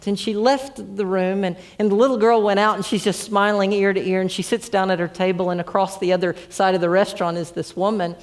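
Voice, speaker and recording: A woman's voice: medium pitch, fairly even intonation, fairly quick, few pauses, a little mellow. A woman preaching a narrative sermon, earnest and full of repeated restarts. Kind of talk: storytelling sermon.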